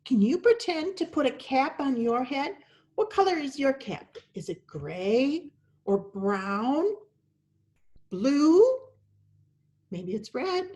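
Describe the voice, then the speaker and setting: An actress and teaching artist leads a theatrical storytime for children, her high voice moving at an unhurried pace. She's animated and addresses her young listeners directly, sometimes sinking to a whisper.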